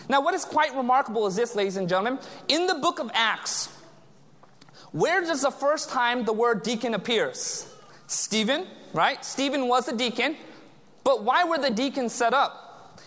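Male preacher, very high voice, call-and-response delivery, long church reverb. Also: a bit bright. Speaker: pastor. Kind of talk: sermon. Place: large church sanctuary.

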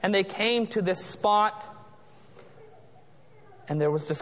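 A man preaching a sermon as pastor, dramatic, dropping to a hush for emphasis. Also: high voice, takes it slowly, pauses often, slight background noise. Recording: muffled sound in a large reverberant hall.

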